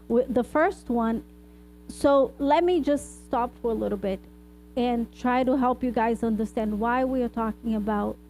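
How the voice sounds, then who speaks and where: A woman's voice: a little high, mellow, slight background noise, rough recording. A woman speaker and therapist giving an informal spiritual talk, addressing the audience with frequent asides and rhetorical "right?" questions. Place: hall of a spiritist society.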